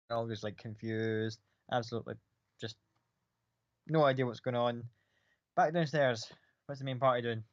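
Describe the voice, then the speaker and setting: A man's voice: mid-range voice, moderate pace, pauses often, dry recording, lo-fi sound. A man running a tabletop game as game master, narrating in a loose, rambling way with casual swearing.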